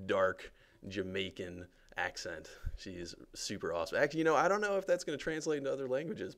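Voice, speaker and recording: A man's voice: deep voice, creaky. A man casually guiding viewers through a game on a livestream, chatty and joking, with plenty of fillers. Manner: relaxed, chatty, lots of fillers and jokes.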